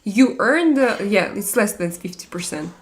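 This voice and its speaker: A woman's voice: medium pitch, expressive. Russian-accented woman chatting live. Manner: halting, many fillers and restarts, warm to viewers. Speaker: live stream host. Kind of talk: casual chat reading viewer comments.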